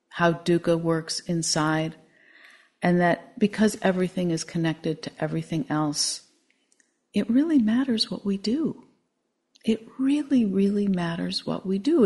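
A woman meditation teacher giving a dharma talk, gentle and reflective with frequent pauses. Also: fairly low pitch.

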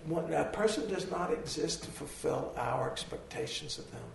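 A hoarse man giving a slow, reflective dharma talk to a group, pausing as he thinks. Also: a little high, lively intonation. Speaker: meditation teacher. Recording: echoey hall from far off, faint noise.

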